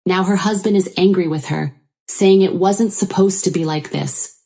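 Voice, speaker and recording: A woman narrating a first-person story in an even, measured way. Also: fairly low pitch, gravelly.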